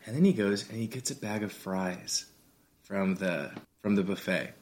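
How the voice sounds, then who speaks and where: A man co-hosting a podcast, chatting casually and telling an animated story while acting out the people in it. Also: lowish voice, normal speed, slight background noise. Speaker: podcast co-host. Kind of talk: casual chat.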